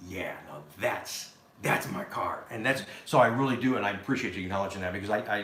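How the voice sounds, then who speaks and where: A Corvette salesman chatting casually, a quick storyteller who acts out his customers' lines. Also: on the low side, a bit bright. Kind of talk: casual chat. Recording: echoey room with faint noise.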